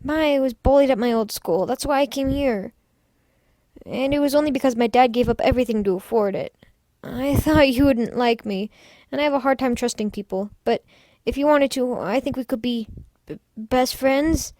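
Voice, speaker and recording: A woman's voice: high voice, normal speed, darkish tone, no room sound, natural voice. A woman reading a visual novel aloud, voicing a nervous, shy teenage schoolgirl who hesitates and stammers. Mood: hesitant. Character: nervous shy teen schoolgirl, new student.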